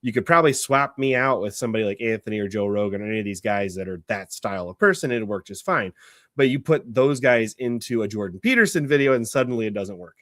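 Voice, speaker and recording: A man's voice: fairly low pitch, fast, a bit bright, dry recording, clean studio sound. A man hosting a podcast in casual chat. He laughs often and restarts his sentences. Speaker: podcast host.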